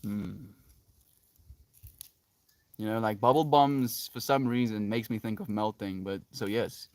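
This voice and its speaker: A man's voice: lowish voice, steady tone, a little slow, a little mellow, dry recording. A South African man musing dreamily as a live streamer, reading chat comments and laughing often.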